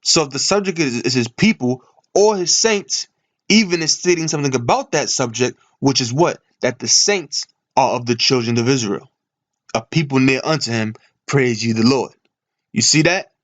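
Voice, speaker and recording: A man teaches the Bible from his screen, raising questions aloud and answering them as he reads through the passage. He has a medium-pitched, fairly bright voice and keeps a moderate pace.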